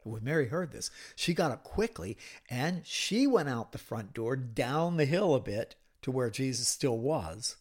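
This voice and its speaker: A man preaching a sermon, retelling a scripture story dramatically with hushed, whispered moments. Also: mid-range voice, sing-song, unhurried, few pauses, husky.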